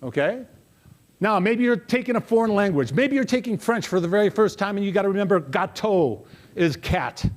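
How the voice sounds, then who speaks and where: Man speaker, high voice, energetic, audience prompts, memory workshop. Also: moderate pace. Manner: energetic, coaxing audience participation. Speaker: motivational speaker. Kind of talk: interactive memory workshop talk.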